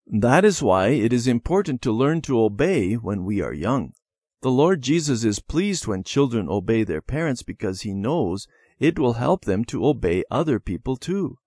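A man voicing a patient mother who calmly teaches her children. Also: medium pitch, normal speed, dry recording, studio quality. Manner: calm, instructive storytelling.

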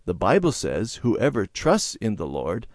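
A man reading aloud and voicing a gentle, patient Sunday school teacher who explains things to children. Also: fairly low pitch, huge pitch swings, a little slow, dry recording, studio quality, heavily acted. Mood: reassuring. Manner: gentle and instructive.

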